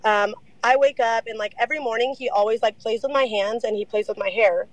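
Chatty young woman, bit high, dry sound. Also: a little fast, no echo, rough recording. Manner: animated, uses "like" a lot and swears freely. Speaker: guest telling her story. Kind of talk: casual storytelling interview.

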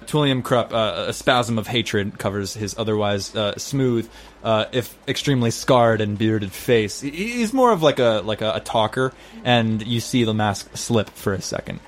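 A man's voice: lowish voice, animated, normal speed, a little hiss or hum. A man narrating a tabletop game as game master, chatty and full of fillers.

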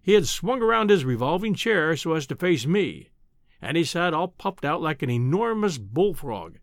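A man narrating an audiobook in an expressive, theatrical reading style. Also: a little high, no room sound, studio quality. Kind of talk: scripted narration.

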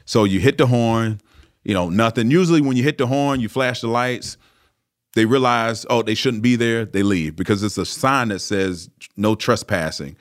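A man in his thirties or older, a former pro football player, telling a story as an interview guest in a casual, animated way, with lots of "you know" fillers and restarts. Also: mid-range voice, moderate pace. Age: 30s or older.

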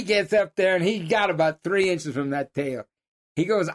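Animated man spinning hunting yarns. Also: normal speed. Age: middle-aged. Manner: animated yarn-spinner, loud high bursts when quoting. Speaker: lion hunting guide. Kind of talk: casual storytelling chat.

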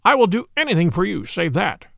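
A man's voice: high-pitched, sing-song, brisk, gravelly, bright, forceful tone, no echo, clean studio sound, exaggerated voice. A man doing a haughty proud detective. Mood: fierce scorn.

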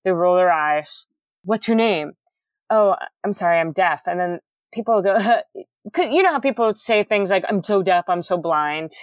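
Woman guest, middle-aged, lowish booming voice, crisp enunciation, candid chatty delivery, dry close sound. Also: expressive, unhurried, dry recording. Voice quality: loud, booming, enunciates carefully. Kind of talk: casual interview chat.

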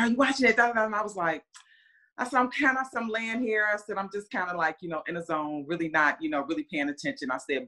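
A woman's voice: sits low, fairly bright tone. A middle-aged woman, a football player's mother, chatting casually as a podcast guest and acting out quotes with lots of fillers. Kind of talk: casual storytelling.

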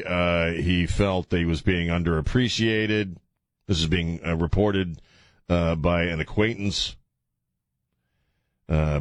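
In a radio studio, a man with a low-pitched voice hosts a talk show, blunt and mocking, rambling along with plenty of fillers. He's on a studio microphone, and there's no room sound.

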